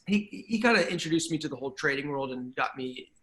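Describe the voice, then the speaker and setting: A man with a slightly raised speaking pitch tells stories in a relaxed interview. He talks casually and acts out his own past reactions as he goes. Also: fast talker. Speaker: guest, trading bot founder.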